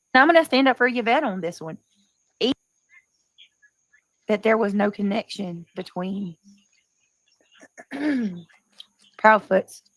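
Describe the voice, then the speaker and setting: A woman hosting a casual livestream, talking in a rambling way and often clearing her throat. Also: medium pitch, no echo, low-quality recording. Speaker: livestream host.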